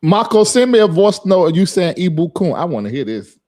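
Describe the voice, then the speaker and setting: A man's voice: sits high, very animated, a little fast, darkish tone. A man hosting a casual live stream, chatting with viewers by name and drilling them on how to say a word. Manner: chatty, repeats and drills a word's pronunciation; talks to chat viewers by name.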